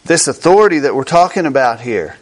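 A man preaching a sermon slowly and emphatically, repeating key words for effect. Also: medium pitch, lively intonation.

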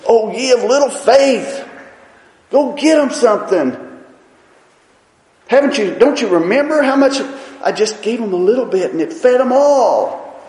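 A man voicing a stern, impatient male teacher who scolds loudly and with exasperation. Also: very high voice, expressive, measured pace, long pauses, pitched above the performer's own voice. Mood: indignant. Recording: echoey hall.

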